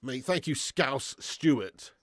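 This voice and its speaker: A man hosting a live football watch-along, calling the play and chatting casually with viewers, swearing freely and swinging between excited shouts and weary sighs. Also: mid-range voice, slow pace, no echo, studio quality. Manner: casual and matey, thanks viewers by name. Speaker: fan channel host doing live match watch-along.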